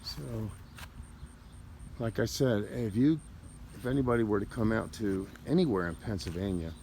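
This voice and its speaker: Brief: low-voiced man, loose rambling vlog narration outdoors, faint outdoor ambience behind. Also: darkish tone, slight background noise. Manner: rambling, halting over names. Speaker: cemetery tour vlogger. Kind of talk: casual walking commentary. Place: outdoor cemetery.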